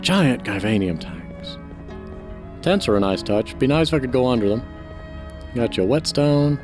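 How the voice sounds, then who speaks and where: A man's voice: mid-range voice, lively intonation, measured pace, over music. A man commenting casually while playing a video game, offering critique as he goes. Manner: chatty, critiquing, offhand. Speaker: gaming channel host. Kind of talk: let's play commentary.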